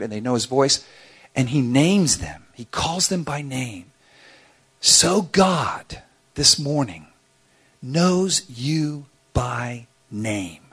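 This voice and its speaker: A man's voice: high voice, slightly rough. A middle-aged man preaching a sermon as a pastor, telling stories with playful asides. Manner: animated storytelling with playful asides.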